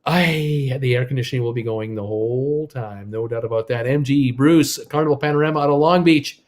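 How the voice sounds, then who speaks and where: A mid-range, slightly mellow male voice speaks fairly quickly. He hosts a casual live cruise news stream from his home in Creston, reading viewer comments in an upbeat, rambling, jokey way and talking to his wife off-mic.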